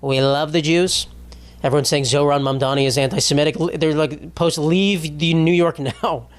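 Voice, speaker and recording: A man's voice: a little high, fairly even intonation, normal speed. A young adult man hosting a podcast, rambling in a crude, sarcastic comedic monologue. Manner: crude, sarcastic, rambling with mocking put-on voices. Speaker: podcast host.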